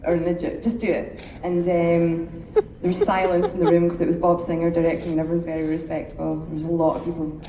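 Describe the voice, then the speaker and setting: A woman's voice: fairly low pitch, completely flat delivery, fast talker, far from the mic. British woman rambling fondly in an echoey hall. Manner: self-deprecating, rambling with restarts. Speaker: actress panel guest. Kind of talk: convention panel anecdote. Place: large convention hall. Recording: echoey hall with clear noise.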